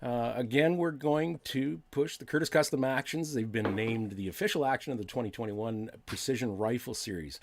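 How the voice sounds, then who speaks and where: A man's voice: mid-range voice, normal speed, few pauses, slight background noise. A tired man hosting a podcast, chatting offhandedly and reading sponsor ads. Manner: laughing, animated, offhand. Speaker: podcast host. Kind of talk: casual podcast chat and sponsor reads.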